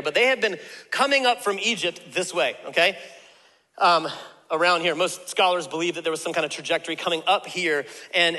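A man preaching a sermon in a conversational, animated way, with fillers and asides, in a large church auditorium. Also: a little high. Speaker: pastor. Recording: long hall reverb.

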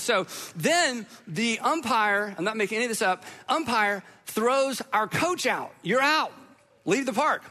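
A middle-aged man preaching a sermon, telling a personal story with self-deprecating jokes and animated asides. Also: sits high.

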